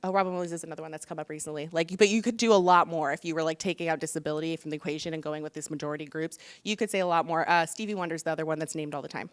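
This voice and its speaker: A woman's voice: low voice, fairly even intonation, racing, few pauses, smooth, no echo. A woman leading a workshop, speaking in a casual, chatty way with plenty of fillers. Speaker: workshop leader. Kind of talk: workshop presentation.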